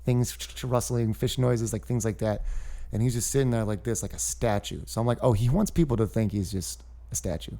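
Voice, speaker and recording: A man's voice: lowish voice, brisk. A man guesting as a comedian on a podcast, telling stories in casual chat and acting out voices and sound effects. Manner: animated storyteller doing voices and sound effects.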